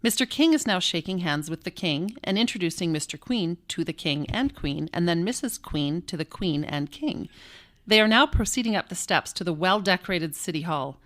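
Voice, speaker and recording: A woman's voice: lowish voice, lively intonation, normal speed, fairly bright tone. A woman putting on an old-timey 1930s radio announcer voice, reading breathless live commentary in stiff formal phrasing. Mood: excited, formal.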